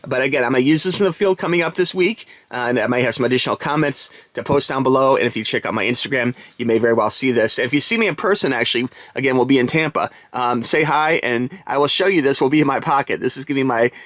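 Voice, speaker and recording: A man's voice: mid-range voice, fairly bright tone, no room sound. Chatty enthusiastic man reviewing gadgets. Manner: enthusiastic, chatty, lots of fillers. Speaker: product reviewer. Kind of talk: casual product review.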